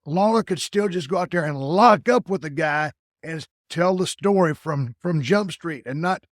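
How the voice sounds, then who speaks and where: A man's voice: fairly high pitch, moderate pace, no echo, clean studio sound. A man hosting a podcast conversation, talking in a folksy, blunt way with casual cursing. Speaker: podcast host.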